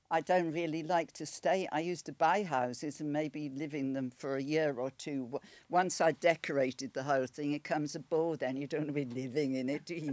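A woman's voice: low-pitched, a little mellow, no echo. A woman in her eighties from Wales with a Welsh accent, telling a personal story in a chatty, rambling way with restarts. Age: 80s.

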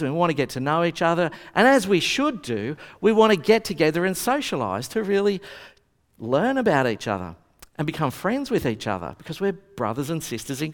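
A man's voice: a little high, long reverb tail. A man preaching a sermon, telling a story and acting out both sides of an argument. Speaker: pastor.

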